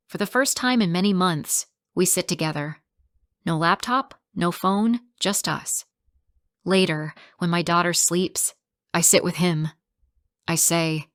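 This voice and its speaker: Woman reading a story for english learners, slow and clear, kinda low, very dry close sound. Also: dry recording. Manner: clear, slow and emotional, rising to shouting in quarrels.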